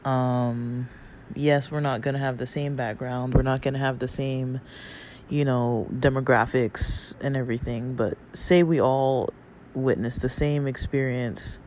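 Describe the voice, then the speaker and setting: A hoarse-voiced man speaks unhurriedly to his viewers, clearing his throat now and then. He wanders through his thoughts with plenty of ums and you-knows. A fan hums faintly behind him. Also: mid-range voice, flat delivery, measured pace, darkish tone. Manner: rambling, lots of fillers, loses his thread. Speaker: vlogger. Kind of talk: casual reflective talk to viewers. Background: faint fan hum.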